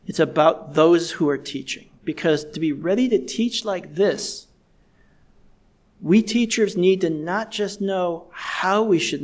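A middle-aged man preaching a sermon in a measured, earnest way, slowing down to stress key words. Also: on the high side. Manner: measured, earnest, slows down for emphasis.

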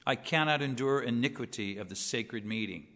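A man's voice: medium pitch, moderate pace, fairly bright tone, big-room sound. A man preaching a sermon, reading scripture dramatically and asking rhetorical questions.

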